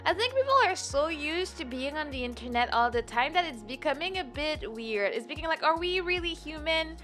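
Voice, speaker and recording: A young woman streamer talks loosely and animatedly to her chat, reading messages and riffing on them. Her voice sits high and sounds bright and forward. Quiet music plays underneath her. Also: a little fast. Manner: rambling, animated, reads chat aloud and replies. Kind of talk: casual live-stream chat. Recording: light music playing behind.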